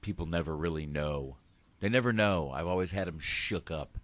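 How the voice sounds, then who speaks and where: A man's voice: deep voice, moderate pace. A man in his thirties in casual chat, a laid-back, rambling and profane storyteller.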